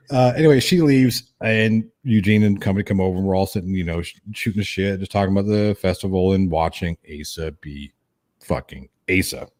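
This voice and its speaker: A man's voice: low voice, fairly quick, no room sound, clean studio sound. A man hosting a casual stream, telling a rowdy story with lots of swearing and laughter. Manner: animated, profane, laughing storyteller. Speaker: host.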